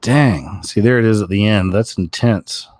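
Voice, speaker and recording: Laid-back low-voiced man commenting. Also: moderate pace, darkish tone, no room sound. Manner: laid-back, chatty, trailing asides. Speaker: video commentator. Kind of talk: casual commentary on news clips.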